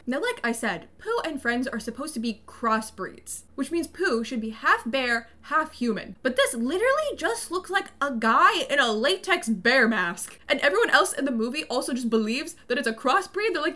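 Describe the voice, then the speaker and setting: Young woman, high bright voice, sarcastic casual movie recap, lots of "like". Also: very animated, a little fast. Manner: sarcastic and incredulous, fond of the filler "like". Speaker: YouTuber recapping a horror movie.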